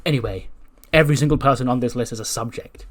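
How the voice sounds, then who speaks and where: A man's voice: medium pitch, quick pace, lightly acted. A man voicing a brash, self-obsessed female wrestler who plays detective and bosses her partner around. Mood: bossy. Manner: bossy, keeps calling her partner a nickname.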